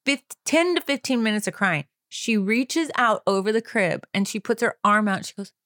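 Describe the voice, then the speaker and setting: A woman chatting as a parent guest, telling family stories with lively animation. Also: mid-range voice, normal speed, dry recording, clean studio sound. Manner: animated storyteller who acts out quotes. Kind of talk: casual chat.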